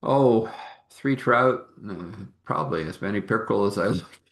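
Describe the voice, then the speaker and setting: A man's voice: fairly low pitch, animated, moderate pace, a bit bright, low-quality recording. A man voicing a cheerful, easygoing young male kitchen helper in a told story. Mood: eager.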